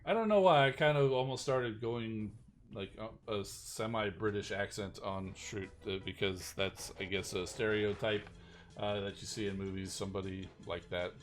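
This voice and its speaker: A man's voice: fairly low pitch, normal speed. Rambling male game streamer. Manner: rambling, self-deprecating, many fillers. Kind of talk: casual live-stream commentary.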